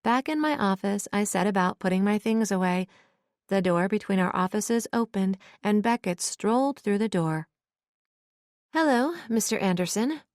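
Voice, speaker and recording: A woman's voice: medium pitch, normal speed, darkish tone, no echo. Woman narrating a romance audiobook, dry. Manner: sarcastic, spirited heroine. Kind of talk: first-person romance narration.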